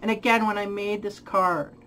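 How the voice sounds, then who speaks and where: A woman's voice: medium pitch, fairly even intonation, moderate pace, fairly bright tone, slight background noise, rough recording. A woman giving a spiritual tarot reading who muses aloud, searches for her words and often breaks into light laughter. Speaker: tarot reader.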